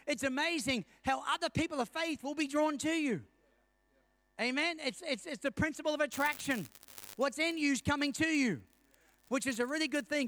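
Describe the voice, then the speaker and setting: A man in his fifties preaching a sermon with a strikingly high voice. He tells a personal story and keeps checking in with the congregation. The sound is close and dry, with no room around it. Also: a bit bright, no room sound. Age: 50s. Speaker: pastor.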